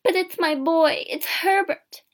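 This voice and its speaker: A woman's voice: very high-pitched, unhurried, pitched above the performer's own voice. A woman voicing a frantic old mother who cries out and pleads for her dead son. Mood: desperate, pleading. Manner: crying out, pleading.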